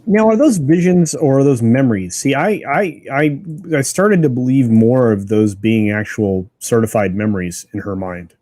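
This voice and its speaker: Male podcast panelist, mid pitch, dry sound, earnest and halting. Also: animated, mellow, dry recording. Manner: earnest, stumbles over restarts. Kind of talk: casual chat.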